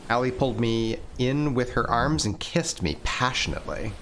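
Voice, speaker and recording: A man narrating a dating game as a let's-play, relaxed, with asides and small slips. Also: medium pitch, moderate pace, hardly any pauses, slight background noise. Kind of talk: reading a visual novel aloud.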